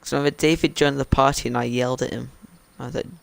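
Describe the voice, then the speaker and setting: A man's voice: mid-range voice, steady tone, fast, gravelly, fairly bright tone, no room sound. A man chatting casually while streaming a farming game, telling rambling stories about friends. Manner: rambling, anecdotal. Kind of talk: casual gaming stream chat.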